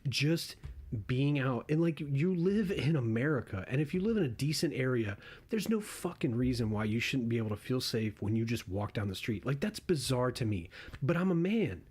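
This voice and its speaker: A man's voice: medium pitch, a little mellow, breathy edge. A young man doing casual reaction commentary, rambling and swearing freely, often restarting his sentences. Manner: rambling and profane, with frequent restarts. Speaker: online commentator.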